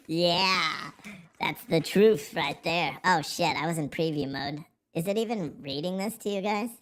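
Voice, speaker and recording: A man's voice: a little high, slow pace, fairly bright tone, a little hiss or hum. A man hosting a casual livestream, joking, rambling and swearing freely as he reads the chat. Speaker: livestream host.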